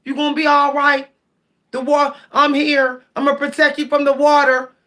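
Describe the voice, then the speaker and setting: A devoted male house cat reassures his owner in a high, soothing voice as a woman puts him on. The tone is bright and gentle, close to an everyday voice. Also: flat delivery, normal speed. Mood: reassuring.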